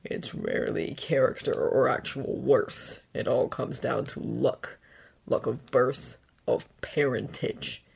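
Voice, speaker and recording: A woman voicing a sinister adult male killer who speaks in a slow, oily drawl. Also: a bass voice, steady tone, vocal fry, darkish tone, breathy edge, voice pushed down, full character voice. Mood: contemptuous.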